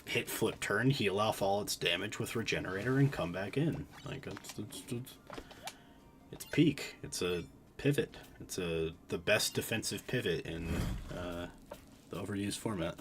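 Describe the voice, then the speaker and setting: A man's voice: lowish voice, measured pace, fairly bright tone, a little hiss or hum. A tired man chatting casually while streaming a fishing game, rambling and breaking off mid-sentence. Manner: rambling, self-interrupting, chatty. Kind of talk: casual gaming stream chat.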